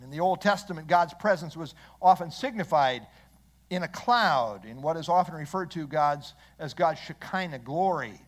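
A man preaching an expository sermon, measured and earnest, leaning on key phrases for emphasis. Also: fairly high pitch, expressive. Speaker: pastor.

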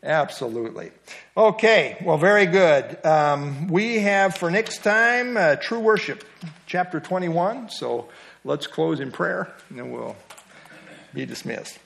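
A man's voice: fairly high pitch, lively intonation, slow pace, creaky, fairly bright tone. A middle-aged man teaching a small Bible study class in a folksy, teasing way, with a lot of fillers and restarts. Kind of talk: casual Bible lesson.

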